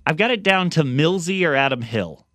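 A man's voice: fairly high pitch, expressive, moderate pace, fairly bright tone, no echo, studio quality. A young man from Tennessee and Missouri on a sports radio show, asking odd questions in a rambling, hesitant way. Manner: rambling, hesitant, self-interrupting. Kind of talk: casual sports radio banter. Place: radio studio. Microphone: studio mic.

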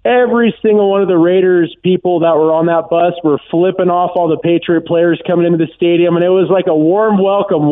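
A man's voice: high-pitched, steady tone, a little fast, few pauses. A man from Southern California calling in to a sports radio show, rambling with earnest fan enthusiasm. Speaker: caller. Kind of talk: phone call to a radio show. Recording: tinny phone line.

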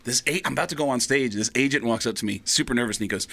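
A male comedian chatting and telling stories as a guest in a radio studio. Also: medium pitch. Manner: animated, jokey, quick impressions. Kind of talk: casual radio chat, storytelling.

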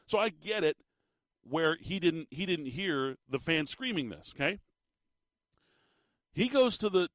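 A middle-aged man rants in an exasperated, animated way, often restarting his sentences. His voice sits fairly high for a man. The recording is close and dry. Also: dry recording. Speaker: commentator. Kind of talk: opinionated monologue.

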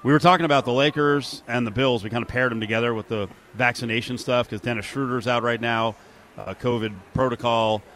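A man hosting a casual talk radio show, animated and joking. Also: fairly quick, slight background noise. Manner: animated, mocks quotes in high voices, laughs.

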